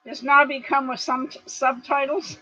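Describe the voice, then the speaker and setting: A woman's voice: high voice, flat delivery, moderate pace, pushed and bright, dry recording, poor audio. A chatty woman from British Columbia who laughs easily, talking casually on a livestream. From Canada, British Columbia. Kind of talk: casual chat.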